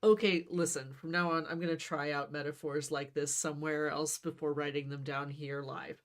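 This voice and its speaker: A woman's voice: deep voice, steady tone, normal speed. Woman reading a gamebook aloud, playfully. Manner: playful, laughs at own jokes, slips and restarts. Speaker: book reader. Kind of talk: casual read-aloud of a gamebook with asides.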